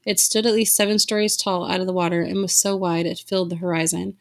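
A woman reading a novel aloud with dramatic expression, lifting her voice for the characters' shouts. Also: little pitch movement, fast, creaky. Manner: dramatic reading, raising pitch for shouted lines. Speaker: reader.

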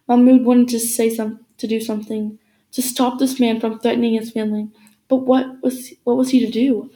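A woman reading a novel aloud as narrator, in a steady storytelling manner. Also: a little high, low-quality recording. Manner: steady storytelling with small slips.

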